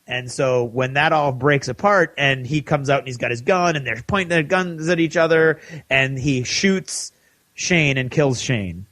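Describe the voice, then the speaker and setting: A man co-hosting a podcast who gives an animated recap of a TV episode and acts out the characters' lines. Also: medium pitch, measured pace, dry recording. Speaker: podcast co-host.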